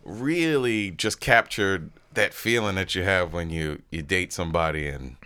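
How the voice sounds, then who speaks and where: A man co-hosting a podcast in casual movie chat, animated, swearing and mimicking voices to make his point. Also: sits low, a little slow, smooth. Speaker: podcast co-host.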